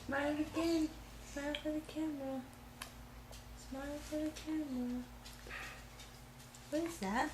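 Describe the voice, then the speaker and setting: A woman cooing baby talk to an infant in a home video, softly coaxing and repeating her questions. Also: sits high, steady tone, slow, long pauses, roomy sound. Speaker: parent talking to a baby. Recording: noisy home video recording.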